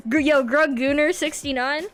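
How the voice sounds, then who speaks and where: A woman streamer chats casually with her viewers and greets them, bubbly and giggly, with playful meows slipped in. Her voice is high-pitched, steady, and fairly bright at a normal speed, with soft music in the background.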